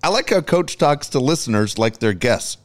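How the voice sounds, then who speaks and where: A man's voice: medium pitch, lively intonation, normal speed. Man, podcast co-host, blunt, profane, swinging intonation. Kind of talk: casual comedic banter.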